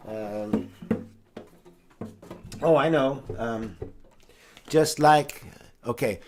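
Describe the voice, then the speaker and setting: A man's voice: mid-range voice, takes it slowly, pauses often, noisy background. A middle-aged man hosting a casual chat, rambling with many fillers and restarts. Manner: rambling, warm-hearted, breaks into singing. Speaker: host.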